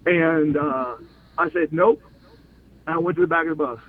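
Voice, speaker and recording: A middle-aged man and former pro wrestler telling excited stories as an interview guest, stumbling over restarts and acting out quotes. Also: a little high, fairly quick, gravelly. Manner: excited, repeats words and restarts, acts out quotes. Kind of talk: animated storytelling in an interview. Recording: phone-like line with faint hiss.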